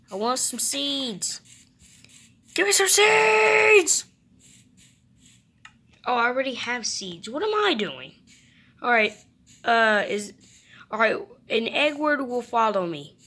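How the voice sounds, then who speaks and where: A woman's voice: a little high, lively intonation, slow pace, pauses often, pushed and bright. A young woman giving chatty, playful gameplay commentary, talking to the animals in her game. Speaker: gamer.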